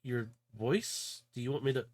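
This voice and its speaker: A man voicing a confused young woman who questions a damaged robot quietly in a tabletop game. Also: medium pitch, fairly even intonation, a little slow, lightly acted. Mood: puzzled, soft. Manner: soft, puzzled questioning.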